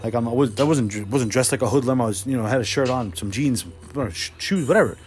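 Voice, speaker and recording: A man's voice: medium pitch, fast talker, darkish tone. A young adult man hosting a casual solo podcast, telling a story in a profane, rambling way and often correcting himself. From New Jersey. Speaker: podcast host.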